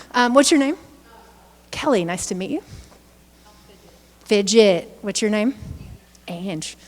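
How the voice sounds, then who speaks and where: A woman's voice: fairly high pitch, big-room sound. A woman presenting a live workshop on a handheld microphone, chatty and informal, often asking the audience questions.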